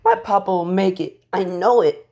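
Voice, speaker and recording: A man voicing a tearful little girl who clings to her father, pleading in a high, breathy voice. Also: slow, warm tone. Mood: earnest.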